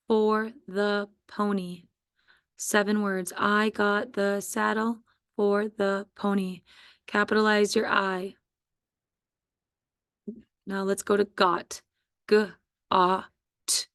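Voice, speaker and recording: A woman teaching a children's phonics lesson at a very slow, deliberate pace, stretching out each letter and syllable. Her voice is smooth and clear with a touch of gravel, recorded dry and close. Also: medium pitch, fairly bright tone, no room sound.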